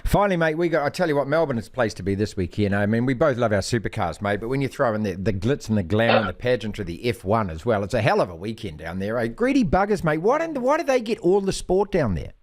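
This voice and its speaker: A man's voice: medium pitch, expressive, fast, few pauses. A New Zealand man hosting a radio show, bantering with a guest in a chummy way. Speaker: radio host. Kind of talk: casual radio chat.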